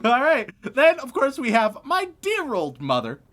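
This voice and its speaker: A man's voice: very high voice, huge pitch swings, a little slow, fairly bright tone. A man co-hosting a casual comedy podcast, wry and profane as he hands out jokey tasks. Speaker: podcast co-host.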